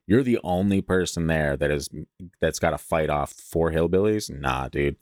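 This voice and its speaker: A man's voice: rumbling low, normal speed, a little mellow, no room sound, studio quality. A man on a podcast reading a listener's scary outdoor story aloud, breaking in with joking asides. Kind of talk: casual storytelling chat.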